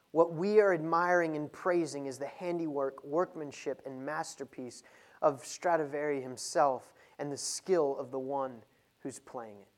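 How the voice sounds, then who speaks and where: A man preaching a sermon, moving from low, measured reading to loud, emphatic stretches.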